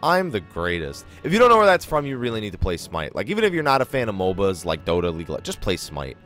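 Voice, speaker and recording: A man's voice: fairly low pitch, sing-song, rapid-fire, fairly bright tone, soft background music. A man giving casual let's play commentary, chatty and rambling, laughing often. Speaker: gaming YouTuber.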